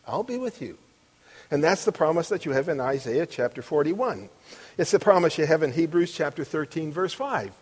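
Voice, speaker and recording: A middle-aged man preaching a sermon, emphatic, rising to loud declarations on the verses he quotes. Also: fairly high pitch, breathy edge. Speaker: pastor. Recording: long reverb of a large hall.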